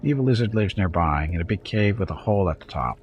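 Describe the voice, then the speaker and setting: A man's voice: deep voice, expressive, fast, lo-fi sound. A man voicing a petulant, self-pitying female demon queen who whines and tries to sound flirtatious, with a gurgling, purring voice. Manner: whiny, petulant, falsely flirtatious.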